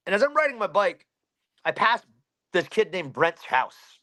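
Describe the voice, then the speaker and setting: A man's voice: high-pitched, very animated, normal speed, bright, forceful tone. A man in his thirties from Pennsylvania, a fighter telling a story in an interview, blunt and heavy with swearing.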